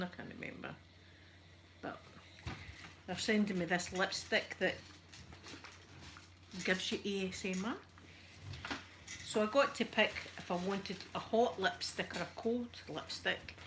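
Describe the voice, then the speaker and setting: A Scottish woman chats softly at home, rambling and teasing herself in a casual ASMR video. Her voice sits at an ordinary middle pitch. A clear wash of background noise runs under everything. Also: steady tone, a little slow, pauses often. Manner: chatty, rambling, self-deprecating. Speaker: ASMR YouTuber. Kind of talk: casual soft-spoken chat. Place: at home while ironing.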